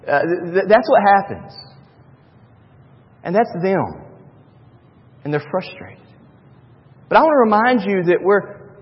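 High-voiced male pastor with a husky tone, casual preaching, dull recording in a long-echo hall. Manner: conversational preaching, repeats phrases for emphasis. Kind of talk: sermon.

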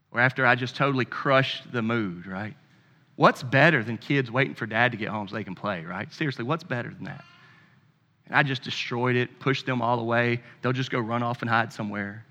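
A man's voice: medium pitch, pushed and bright, long reverb tail. A man preaching a sermon as pastor, emphatic and impassioned, with conversational asides to the congregation.

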